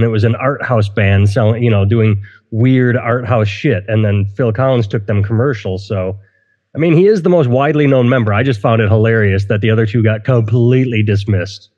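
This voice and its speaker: A podcast host chats casually about odd news stories, wry and amused as he reads out quotes. His medium-pitched voice is a little mellow, and the recording has a big-room sound that's slightly dull and lo-fi.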